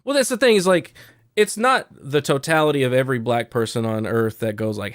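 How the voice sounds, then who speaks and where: A man's voice: mid-range voice, a little fast, dry recording, studio quality. A man co-hosting a casual livestream podcast, laid-back and chiming in with short agreements. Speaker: podcast co-host.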